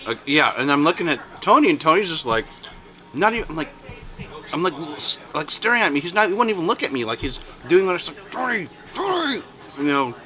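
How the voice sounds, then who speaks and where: A man's voice: fairly high pitch, sing-song, fast talker, sharp tone, faint music behind. A man co-hosting a casual podcast chat, telling a long story with many restarts and bursts of laughter. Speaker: podcast co-host.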